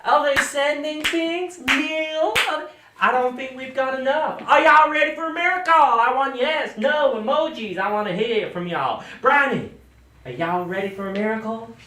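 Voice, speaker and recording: A man's voice: extremely high pitch, moderate pace, sharp tone, voice pushed up. A man voicing a hammy male televangelist preacher, rousing his congregation with call-and-response questions. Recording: echoey room, mic at a distance.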